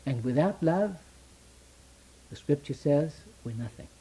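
A man preaching a sermon, asking rhetorical questions and answering them in short, repeated phrases, rising to loud emphasis and then dropping to hushed, slow lines. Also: on the high side, lively intonation, breathy edge, rough recording. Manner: slow deliberate stresses on key phrases.

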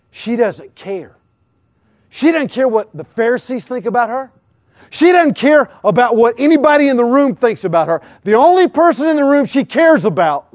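High-voiced animated male preacher. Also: no echo. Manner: animated, questions the crowd and acts out scenes. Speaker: evangelist preacher. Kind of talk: sermon.

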